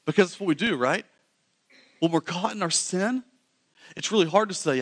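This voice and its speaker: A male pastor preaching a sermon, animated and quick, swinging from loud emphasis to hushed lines. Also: high voice.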